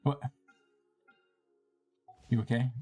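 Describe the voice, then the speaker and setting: A woman's voice: drawn-out words, dark tone, faint music behind. A woman hosting a livestream, chatting casually in a blunt, teasing way with frequent swearing. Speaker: livestream host. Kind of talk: casual chat.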